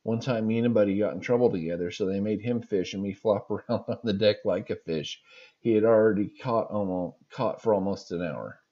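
A man's voice: lowish voice, a little fast, mellow, muffled recording. A man hosting a podcast, reading funny stories aloud and reacting with laughs between them.

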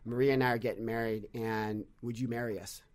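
Animated male storyteller, many restarts. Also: medium pitch, a little fast. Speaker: podcast guest, business leader. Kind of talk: casual conversational storytelling.

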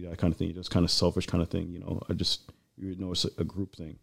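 Man, low voice, casual chat, rambling storyteller, lots of fillers. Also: little pitch movement, brisk, creaky. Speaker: guest.

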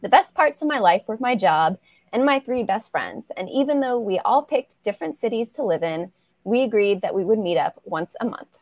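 A woman's voice: medium pitch, animated, normal speed, darkish tone, dry recording. A woman reads a chapter of her own romance novel aloud over a video call. She is casual and laughs easily. Her voice sits in a middle register, and the sound is close and dry. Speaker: romance author, guest.

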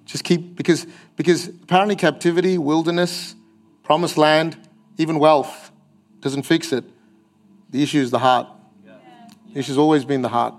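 A man's voice: fairly high pitch, fairly even intonation, moderate pace, pauses often. A man preaching a sermon in church, emphatic and acting out the voices he quotes. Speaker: pastor.

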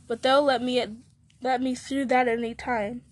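A woman's voice: a little high, flat delivery, normal speed, lightly acted. A woman reading the lines of a breezy, confident young male hobbit.

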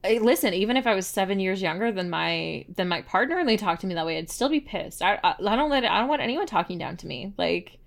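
A woman's voice: medium pitch, lively intonation, fast talker, gravelly, hardly any pauses. A woman co-hosting a podcast, recapping an episode in casual chat with a rambling manner and lots of filler words. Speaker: podcast co-host.

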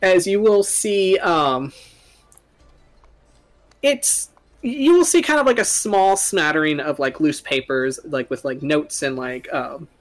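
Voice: medium pitch, lively intonation, slow pace. A game master narrating a tabletop game in a loose, casual ramble. Each description is padded with fillers and restarts. Faint music plays in the background.

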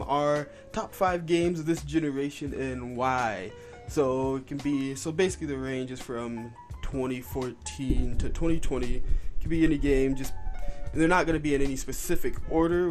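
A man's voice: mid-range voice, darkish tone. A man hosting a podcast, talking loosely and rambling as he runs the show. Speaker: podcast host. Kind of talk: casual podcast chat.

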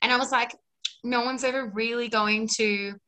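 Bright, bubbly woman actor chatting. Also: fairly high pitch, fairly even intonation, normal speed. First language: not American, works on an American accent. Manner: chatty, enthusiastic, lots of "like" and laughs. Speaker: actor and podcast guest. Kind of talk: casual podcast chat.

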